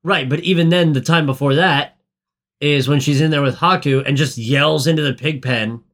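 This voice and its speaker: A man in casual podcast chat, exasperated and profane, often climbing to loud, high outbursts. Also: moderate pace. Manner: exasperated, profane, rising to near-shouts. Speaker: podcast co-host.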